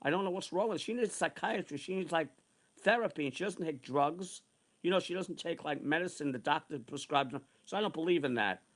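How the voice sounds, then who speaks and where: Talking a little fast in a somewhat high, animated voice, this online streamer in his sixties rants angrily about a grievance. He swears a lot and keeps repeating himself.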